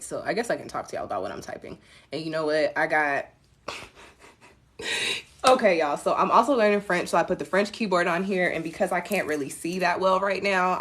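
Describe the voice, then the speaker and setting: A woman tarot reader chatting casually with viewers on a home live stream, relaxed and self-mocking. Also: on the low side. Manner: relaxed, chatty, laughs at herself, addresses viewers as y'all.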